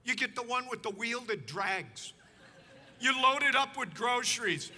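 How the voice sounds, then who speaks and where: A pastor from Chicago telling a sermon story in an animated, humorous, exasperated way. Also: male voice, very high voice, measured pace, big-room sound. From Chicago, United States. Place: church sanctuary.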